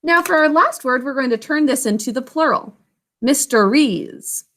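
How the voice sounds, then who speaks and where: A woman gives a children's spelling lesson, slowly and patiently sounding out words letter by letter and syllable by syllable. Her voice sits high and sounds animated, pushed, and bright.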